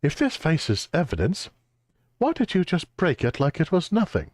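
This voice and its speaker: A man's voice: fairly high pitch, wildly swooping pitch, moderate pace, darkish tone, no echo, studio quality, pitched above the performer's own voice. A man voicing an earnest young boy assistant from a video game, politely protesting with reason.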